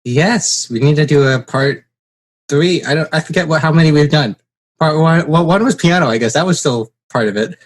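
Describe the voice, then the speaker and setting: A man's voice: on the high side, moderate pace. A man hosting a podcast in casual chat, playful and teasing with his guest. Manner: playful, teasing, jumps into silly voices. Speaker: podcast host.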